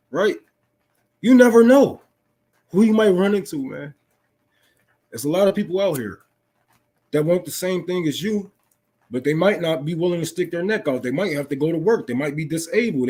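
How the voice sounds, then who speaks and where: A young man with a high, husky voice rants about politics with no script. He swears freely and sounds fired-up and preachy, talking straight at his audience. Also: darkish tone. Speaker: political talk host. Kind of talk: unscripted political rant.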